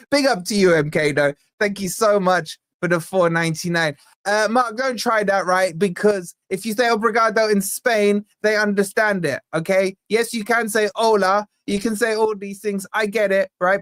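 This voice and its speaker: A young man who hosts a fan channel runs a live football watch-along, bantering with the chat and jokingly reading out donation messages. His voice sits high with a fairly bright tone, recorded at studio quality with no echo.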